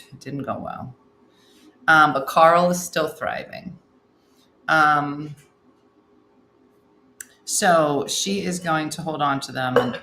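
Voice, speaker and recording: A middle-aged woman hosting a casual morning live stream, reading viewer comments aloud with wry, chatty asides. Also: deep voice. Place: room at home. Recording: roomy echo, faint room noise.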